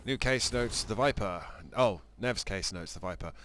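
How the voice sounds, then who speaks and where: A man's voice: lowish voice, normal speed, a bit bright, a little hiss or hum. A man hosting a let's play, reading game text aloud with dry, muttered asides. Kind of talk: casual gaming commentary.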